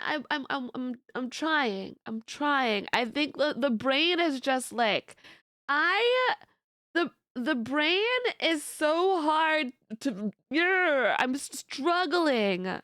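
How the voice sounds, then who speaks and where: A woman VTuber chatting casually to her stream, with a low, deep voice for a woman, giggling often and rambling through repeated restarts. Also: fairly bright tone, dry recording, studio quality. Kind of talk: casual livestream chat.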